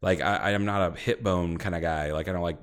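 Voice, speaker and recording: A man's voice: low-pitched, steady tone, quick pace, clear, resonant tone. A man co-hosting a casual podcast, telling rambling, profane stories and slipping into quoted voices. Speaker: podcast co-host. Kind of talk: casual chat.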